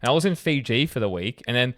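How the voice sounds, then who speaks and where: A man's voice: medium pitch, animated, quick pace, fairly bright tone, dry recording, studio quality. A young Australian man co-hosting a casual podcast in an easygoing, laid-back way. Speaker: podcast co-host. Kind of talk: casual chat.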